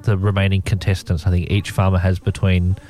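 A man on a radio show, giving a steady, matter-of-fact rundown of reality TV news. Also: low-pitched, brisk. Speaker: radio co-host presenting TV news. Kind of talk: casual radio chat.

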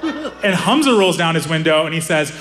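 A man telling a stand-up comedy story, animated and laughing as he slips into quoted voices. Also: a little high, moderate pace, background noise.

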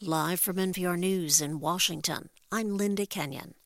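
A woman's voice: fairly low pitch, normal speed, no echo. Woman newscaster, dry studio sound. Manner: crisp, even newsreader delivery. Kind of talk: news reading.

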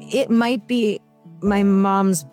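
A woman from California calling into a radio show, answering quietly and hesitantly with emotion. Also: mid-range voice, fairly even intonation, drawn-out words, soft background music. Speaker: caller. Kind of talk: phone-in conversation.

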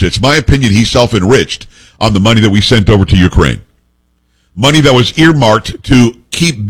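A man's voice: lowish voice, husky. A man hosting a talk radio show, reading news reports aloud and giving blunt, opinionated commentary.

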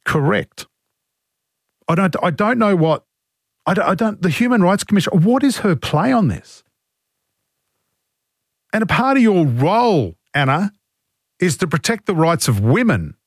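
A man's voice: high-pitched, big pitch swings, measured pace, pauses often, breathy edge, no room sound, clean studio sound. An Australian man hosting talkback radio, blunt and exasperated as he takes calls and reads out texts. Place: radio studio. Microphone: studio microphone.

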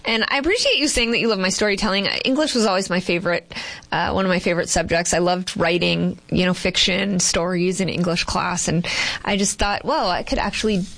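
A woman in her forties from Boston, a TV news reporter chatting as an interview guest, expressive, with quick laughs and frequent fillers. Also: fairly low pitch, creaky. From Boston, USA. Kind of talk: casual interview chat.

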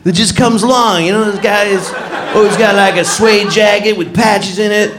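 A man doing a stand-up comedy routine, telling stories animatedly and shouting punchlines. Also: high voice, moderate pace, a crowd in the background, background noise. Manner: animated storytelling, acts out voices, shouts punchlines.

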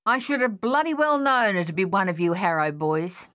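A woman voicing a gruff, sarcastic older army captain who snaps out his orders. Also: medium pitch, sing-song, normal speed, fairly bright tone. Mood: brusque. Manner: snapping, sarcastic.

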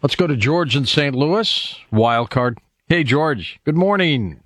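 A man hosting a radio call-in show, taking calls in a brisk, friendly way. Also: mid-range voice, lively intonation, a bit bright, dry recording, studio quality. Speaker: radio host.

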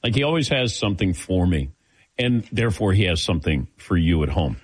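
A man's voice: deep voice, sing-song, a little fast, husky. A man hosting a sports talk show, chatting loosely with plenty of restarts and fillers. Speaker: sports radio host.

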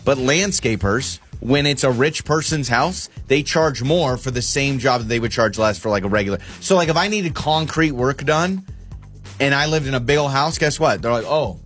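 A man's voice: medium pitch, moderate pace, soft background music. A man co-hosting a casual radio show, cracking jokes and getting worked up when he takes sides. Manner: joking, gets worked up and animated. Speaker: radio co-host. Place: radio studio.

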